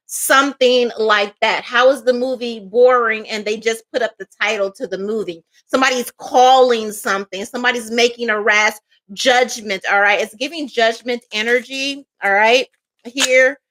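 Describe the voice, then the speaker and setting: A woman's voice: on the high side, bright, forceful tone. A woman giving a casual tarot reading, talking in a loose, chatty storytelling way with many fillers and asides. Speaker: tarot reader.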